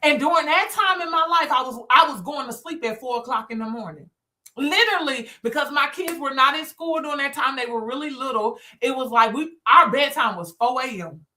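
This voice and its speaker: A business coach and speaker tells her story as a motivational talk, emphatically repeating phrases for effect and calling her listeners "y'all." Her high voice is fairly quick, bright, and forceful.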